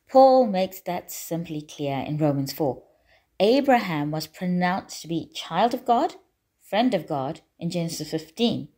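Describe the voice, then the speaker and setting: Woman preaching a deliberate sermon. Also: mid-range voice, a little mellow. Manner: deliberate, emphatic preaching with repeated phrases. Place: church.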